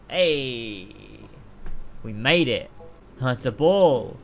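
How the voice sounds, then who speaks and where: A young man streaming a game, reacting excitedly, swearing and laughing often, and reading the game's dialogue aloud. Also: medium pitch, unhurried, a little hiss or hum. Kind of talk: gameplay reaction commentary.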